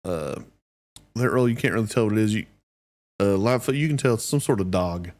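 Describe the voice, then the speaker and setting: A man narrating as dungeon master, in an easygoing, halting way with fillers. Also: lowish voice, lively intonation, a little mellow. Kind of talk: narrating a tabletop game.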